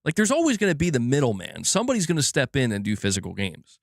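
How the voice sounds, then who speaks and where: A man's voice: medium pitch, wildly swooping pitch, fast, creaky, dry recording, clean studio sound. A man in his thirties hosting a gaming channel, ranting casually with frustration, swearing and stumbling over restarts. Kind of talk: casual livestream rant.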